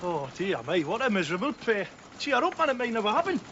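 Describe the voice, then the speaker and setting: A brash cheeky labourer. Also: male voice, high-pitched, very animated, quick pace. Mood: teasing. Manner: blustering, cheeky, jokey. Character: boastful loudmouth Geordie labourer, cheeky. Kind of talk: 1980s TV comedy-drama acting. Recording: dull lo-fi TV sound with background hiss.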